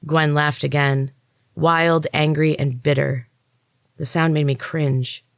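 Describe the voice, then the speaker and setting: A woman storyteller and author giving a steady, expressive first-person audiobook reading into a close mic. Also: deep voice, slow, no echo. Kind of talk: scripted audiobook narration.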